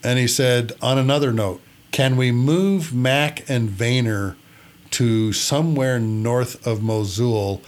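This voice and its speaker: A man's voice: medium pitch, takes it slowly. A middle-aged man hosts his own show and tells a story in an easy, folksy way. He acts out both sides of old conversations as he goes. His voice sits in an ordinary middle range. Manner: folksy, acts out dialogue while retelling it. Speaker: podcast host and retired air refueling planner. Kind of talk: storytelling monologue.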